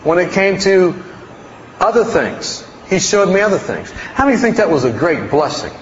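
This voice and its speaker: A man's voice: high-pitched, sing-song, normal speed. A man preaching a storytelling sermon to a congregation, folksy and rambling, with self-mocking humor. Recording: roomy hall, dull sound, faint noise.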